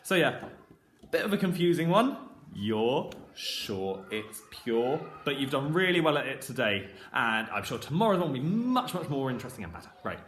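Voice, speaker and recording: A man teaching a phonics lesson to young children with a regional English accent, sounding out words slowly and stretching each sound. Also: on the high side, very animated, a bit bright. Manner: slow, drawn-out sounding out of words. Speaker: primary school teacher. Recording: roomy echo with faint noise.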